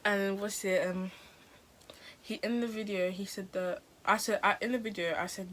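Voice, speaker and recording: A woman's voice: mid-range voice, fairly even intonation, normal speed, a bit bright, slight background noise. A teenage girl, telling a story to camera in a rambling, chatty way. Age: teens. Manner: rambling and chatty, full of "like" and restarts. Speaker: vlogger. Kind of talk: casual storytime chat.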